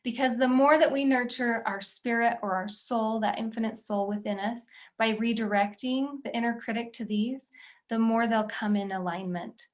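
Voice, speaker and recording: A woman's voice: on the high side, fairly even intonation, normal speed. Earnest woman coaching on confidence. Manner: earnest, encouraging, asks the listener questions. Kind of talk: teaching a workshop.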